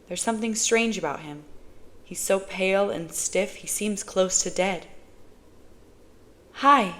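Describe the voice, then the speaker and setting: A woman reading a novel aloud, narrating in first person in a measured way. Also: mid-range voice. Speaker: audiobook reader.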